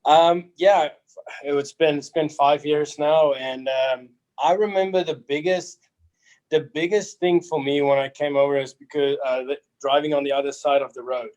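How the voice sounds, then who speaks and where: A young man, answering interview questions in an easygoing, halting way. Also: a little high, steady tone, darkish tone, poor audio. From South Africa. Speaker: rugby player guest.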